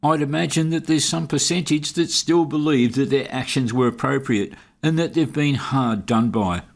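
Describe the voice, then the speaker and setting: A man's voice: medium pitch, normal speed, creaky. A man giving sarcastic, mocking commentary over video footage. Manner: sardonic, mocking.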